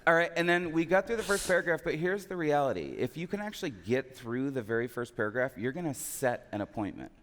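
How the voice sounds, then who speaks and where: A man's voice: a little high, expressive, fast, hardly any pauses, a bit bright. A man sales trainer giving a casual stage talk at a large conference, joking and asking the crowd questions. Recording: long hall reverb.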